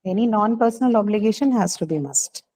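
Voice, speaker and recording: A woman's voice: mid-range voice, expressive, fast, dark tone, poor audio. A woman teacher explaining a grammar point patiently in an online class, often checking in with the students. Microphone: video call.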